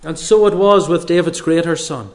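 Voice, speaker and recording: A man preaching a sermon in a measured way, pausing for dramatic effect. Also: on the high side, a little mellow. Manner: slow, measured delivery with dramatic pauses.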